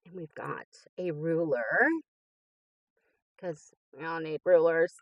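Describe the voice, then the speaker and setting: A woman hosting a craft channel, chatting casually as she unboxes mail, gushing and laughing softly. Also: sits low, slow pace, dry recording, muffled recording.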